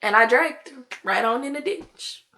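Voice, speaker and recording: Chatty young woman with a bright voice. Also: a little high, moderate pace. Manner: animated, chatty, heavy use of "like", acts out quotes. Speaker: vlogger telling a story. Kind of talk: casual storytime vlog.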